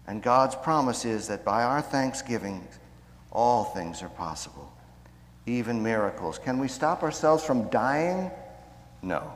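A man preaching a sermon in a measured way, slowing down to stress key phrases. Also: mid-range voice, sing-song, big-room sound. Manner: measured, slows down for emphasis.

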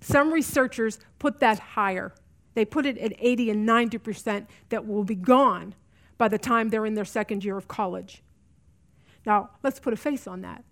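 A woman's voice: fairly high pitch, moderate pace. Earnest woman teaching a women's Bible study. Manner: earnest, repeats key lines for emphasis. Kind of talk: teaching talk to a women's group.

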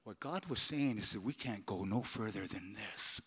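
A male pastor preaching a sermon in a church, animated and conversational, swinging between loud and whispered passages. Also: lowish voice, normal speed, husky. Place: church sanctuary. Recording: long church reverb.

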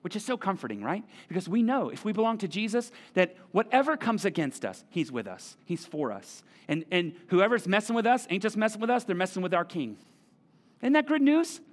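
Animated preaching man, slightly high voice. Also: a little fast, hardly any pauses. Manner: animated, conversational preaching with repeated phrases. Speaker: pastor. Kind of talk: sermon. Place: church auditorium.

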